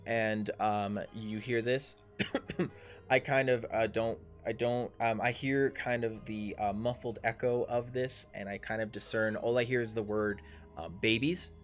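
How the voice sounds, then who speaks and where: A man's voice: lowish voice, steady tone, a little slow, faint music behind. A man in his thirties narrating a tabletop game as game master, hesitant and full of fillers. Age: 30s.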